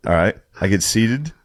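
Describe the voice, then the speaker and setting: A young man in casual podcast chat, telling an animated, profane anecdote and acting out what people said. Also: lowish voice, background noise. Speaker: podcast storyteller.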